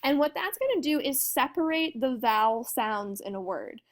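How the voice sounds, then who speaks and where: A woman's voice: fairly high pitch, lively intonation, normal speed. A woman teaching a lesson in a friendly, explanatory way, often asking her students questions. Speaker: French teacher. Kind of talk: classroom lesson walkthrough.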